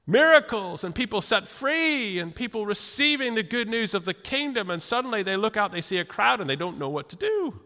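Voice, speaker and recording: A man preaching a sermon in a church hall, telling the story in a lively way and slipping into quick voiced asides, often restarting his words. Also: extremely high pitch. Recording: long hall reverb.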